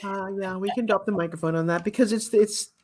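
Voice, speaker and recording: A woman's voice: medium pitch, fairly quick, darkish tone. A woman in her sixties telling motivational stories with emphatic, repetitive phrasing. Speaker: guest author. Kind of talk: motivational storytelling.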